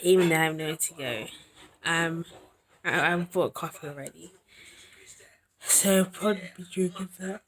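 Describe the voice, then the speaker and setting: A young woman, a university student talking through her worries in a casual video diary, earnest and anxious, often slipping into a soft near-whisper. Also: on the low side, moderate pace, long pauses. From England. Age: young adult. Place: at home indoors.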